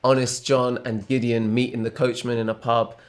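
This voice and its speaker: A man's voice: mid-range voice, flat delivery, normal speed. A man co-hosting a movie reaction video in casual chat, joking around, humming tunes and putting on silly voices. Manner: playful, jokey, does silly voices and hums tunes.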